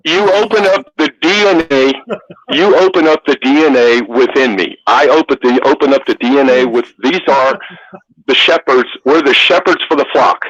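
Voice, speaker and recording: A man's voice: medium pitch, normal speed, a bit bright, no room sound, lo-fi sound. A man calling into a show, rambling and repeating himself as he preaches. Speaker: caller. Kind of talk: preachy call-in rant.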